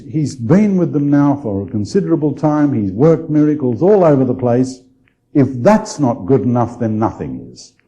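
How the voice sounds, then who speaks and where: Male bishop, very mellow, dark tone, loose conversational teaching style with restarts. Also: mid-range voice, rough recording. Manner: unhurried, restarts phrases, checks in with listeners. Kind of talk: conversational Bible study lecture.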